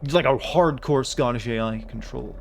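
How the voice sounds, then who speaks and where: A man's voice: medium pitch, moderate pace, vocal fry. A man doing casual gaming commentary as a streamer, rambling and joking as he thinks aloud.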